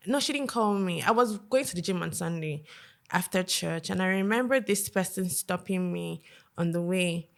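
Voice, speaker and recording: Soft-spoken woman telling a personal story. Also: fairly low pitch, normal speed, gravelly. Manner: soft-spoken, hesitant with fillers. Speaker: podcast guest.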